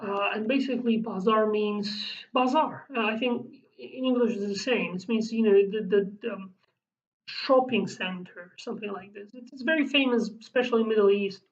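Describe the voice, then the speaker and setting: Woman teaching words, lots of restarts, kinda far from the mic, dull lo-fi sound. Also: medium pitch. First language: Kurdish. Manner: halting, searching for words, frequent restarts. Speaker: language teacher. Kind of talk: explaining vocabulary in a lesson.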